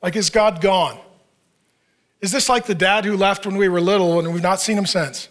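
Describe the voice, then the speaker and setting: A man delivers a sermon in a church, loose and conversational rather than formal. His voice sits high and carries a bright edge. He keeps the congregation involved with questions and dry humor. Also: moderate pace. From Arizona, United States. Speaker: pastor.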